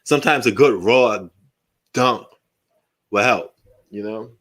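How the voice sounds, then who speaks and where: A middle-aged man hosting a live sports stream, talking loosely and with lots of profanity as he reminisces and jokes about old highlights. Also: slow pace, a bit bright. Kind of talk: casual live commentary.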